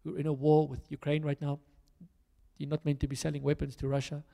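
A man's voice: on the high side, completely flat delivery, fairly quick, gravelly, dark tone. A man with a South African accent preaching a conversational, storytelling sermon with self-deprecating asides. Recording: reverberant hall.

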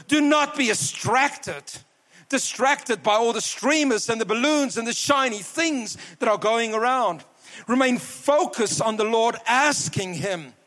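Preacher, male, high voice, earnest storyteller, slows for emphasis; live hall reverb. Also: fairly bright tone. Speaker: guest preacher. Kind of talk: sermon with personal story. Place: large church hall.

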